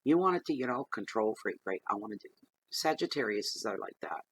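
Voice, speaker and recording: A man's voice: fairly low pitch, expressive, a little fast, a bit bright, slight background noise, low-quality recording. A man giving a casual tarot reading, chatty and plain-spoken, often repeating himself as he gives direct advice. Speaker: tarot reader.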